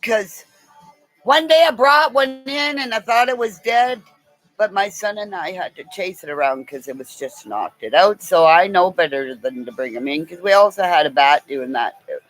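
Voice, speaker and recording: A woman's voice: fairly low pitch, lively intonation, moderate pace, soft background music. A middle-aged woman telling a meandering personal story in a casual way, laughing often and swearing freely.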